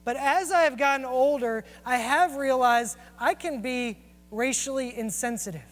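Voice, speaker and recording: A man's voice: very high-pitched, normal speed. A man preaching a sermon and telling personal stories in an earnest, confessional way. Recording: long hall reverb.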